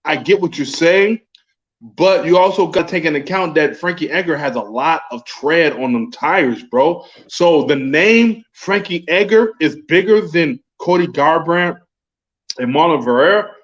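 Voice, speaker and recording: A man's voice: a little high, unhurried, dull audio. A young adult man co-hosting a casual fight podcast, slangy and profane, calling his partner homie and bro. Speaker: podcast co-host. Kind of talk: casual sports chat.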